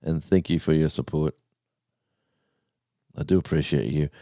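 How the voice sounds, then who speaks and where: Very deep-voiced man chatting. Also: unhurried, warm tone, no room sound, studio quality. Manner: rambling storyteller, reads chat names aloud, says mate. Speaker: live stream host. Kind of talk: casual live-stream chat, storytelling.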